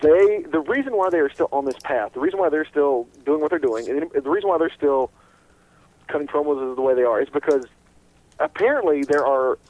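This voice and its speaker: A man's voice: fairly high pitch, a little fast, no echo, rough recording. A man hosting a casual sports radio talk show, rambling and full of restarts. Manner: animated and rambling, with many restarts.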